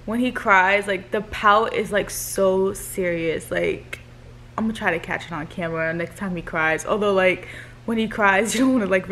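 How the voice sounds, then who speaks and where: A woman's voice: medium pitch, a bit bright, a little hiss or hum. A young woman, a new mother, chatting casually to camera with many "like" fillers.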